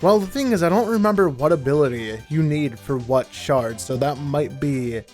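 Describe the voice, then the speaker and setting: Young man, gameplay commentary, chatty and self-correcting, slightly high voice, faint music behind. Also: expressive, normal speed, darkish tone. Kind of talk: casual let's-play commentary.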